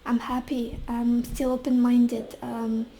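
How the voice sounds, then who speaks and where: A woman giving a tarot reading to camera, talking softly with many pauses and fillers. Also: fairly high pitch, completely flat delivery, vocal fry, a little hiss or hum, rough recording. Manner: soft, searching, often pausing with fillers. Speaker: tarot reader.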